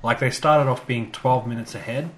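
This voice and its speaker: A man co-hosting a podcast in casual chat, animated and quick to jump in with reactions and jokes. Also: medium pitch, a little hiss or hum. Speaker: podcast co-host. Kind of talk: casual chat recapping an episode.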